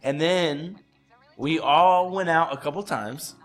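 A young adult man co-hosting a live-streamed podcast, chatting casually in animated, joking banter. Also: fairly high pitch, takes it slowly. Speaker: podcast co-host.

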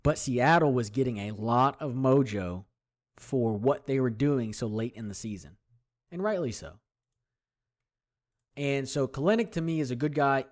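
A man's voice: mid-range voice, unhurried, long pauses, a little mellow. A man hosting a solo hobby podcast, talking in a chatty, rambling way with plenty of fillers and restarts. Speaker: podcast host. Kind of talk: casual solo podcast talk.

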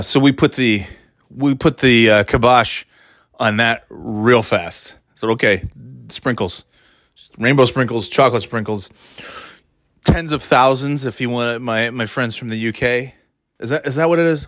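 A man's voice: medium pitch, a bit bright, dry recording, clean studio sound. A man from New England in a rambling, self-mocking monologue, exasperated at times.

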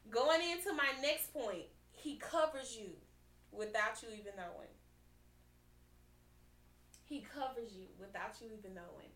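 A woman hosting a podcast in casual chat, reading scripture aloud and talking it over in an animated way, repeating her lines and checking in with her listeners often. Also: on the high side, roomy sound. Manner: animated and chatty, repeats lines and keeps asking "right?". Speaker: podcast host.

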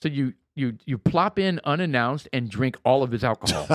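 Lively teasing man. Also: mid-range voice, moderate pace, no room sound, clean studio sound. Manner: teasing, laughs often. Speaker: podcast co-host. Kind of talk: casual banter.

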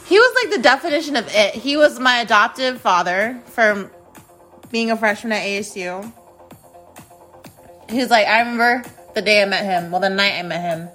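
A woman's voice: mid-range voice, moderate pace, pushed and bright, soft background music. A woman in her late twenties hosting her podcast, telling frank, casual stories about her freshman year and swearing freely. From United States. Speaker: podcast host. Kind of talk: casual solo storytelling.

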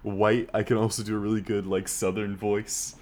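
A man's voice: on the low side, level tone, moderate pace, a little mellow. A man co-hosting a podcast in casual chat, teasing and swearing a lot. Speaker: podcast co-host.

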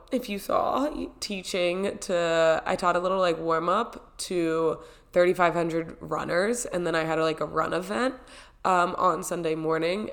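Sick twenty-something girl rambling to the camera, kinda low and creaky, lots of likes and laughs. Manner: chatty, with many fillers and frequent laughs. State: sick with a cold. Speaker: wellness vlogger. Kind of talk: casual chat.

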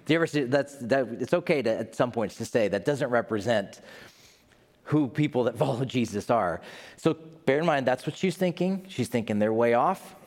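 Male pastor, animated storytelling sermon, mid pitch, long hall reverb. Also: moderate pace. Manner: animated storytelling, playful asides.

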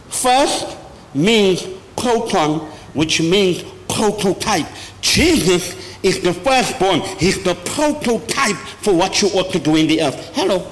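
A man preaching a sermon as an apostle, with sudden loud high bursts and slow emphatic phrases. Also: expressive. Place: large church hall. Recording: long hall reverb, faint noise.

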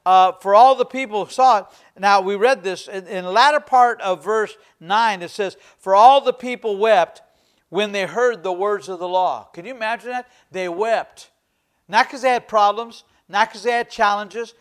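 High-pitched guy preaching hard, pastor, keeps repeating himself for emphasis. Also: clear, resonant tone. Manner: fervent, emphatic preaching with repetition. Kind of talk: sermon.

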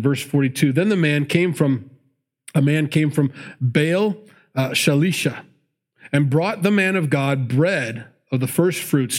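A man teaching through a Bible passage in a conversational sermon, laughing often and acting out the people in the story. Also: a little high. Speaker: pastor.

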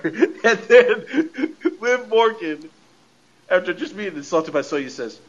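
A man hosting a podcast, recapping a wrestling show in a casual, excitable way, laughing often and repeating himself. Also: high voice, unhurried, highs cut off. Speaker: podcast host.

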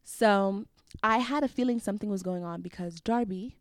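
A young woman, a guest on an interview show, telling a story casually and acting out what people said with big swings in pitch. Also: normal speed, no room sound, clean studio sound. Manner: animated, acts out quotes with big jumps in pitch.

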